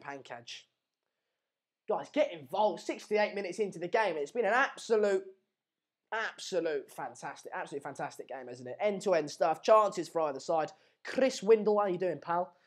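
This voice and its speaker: A young man with a high-pitched voice hosts a live football watchalong stream. He calls the play and chats through viewer comments in a casual, joking manner.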